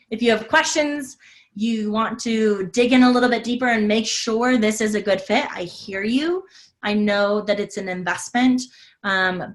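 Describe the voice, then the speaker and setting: A woman's voice: mid-range voice, fairly bright tone. A woman hosting a live online masterclass as a health coach, upbeat and effusive, reading out viewer comments and answering questions over a video call. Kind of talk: live webinar sales talk and Q&A.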